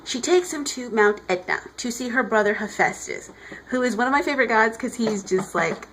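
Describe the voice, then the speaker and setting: A woman reviews a comic in a casual, excited way, restarting her sentences as she gushes. Her voice sits a bit high. A faint hiss runs under the recording. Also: normal speed, rough recording. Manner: excitable, gushing, restarts often. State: standing while filming.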